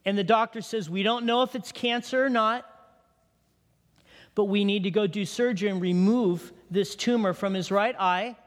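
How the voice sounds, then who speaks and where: A middle-aged man, a pastor, telling a personal story in a sermon with strong emotion, dropping to hushed tones. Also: high-pitched, fairly even intonation, normal speed, in a large hall. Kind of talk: sermon testimony.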